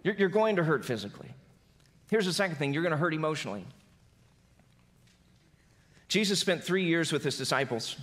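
Man, pastor's sermon, fairly high voice, dramatic swings from loud to hushed. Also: lively intonation, brisk, long pauses. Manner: dramatic swings from loud emphasis to soft, low delivery.

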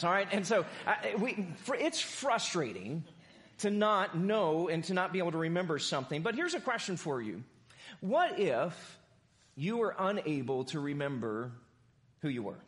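A man's voice: on the high side, moderate pace. A man preaching a sermon as pastor, joking with his congregation and calling for amens. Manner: animated, joking preacher with congregation call-and-response. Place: church sanctuary.

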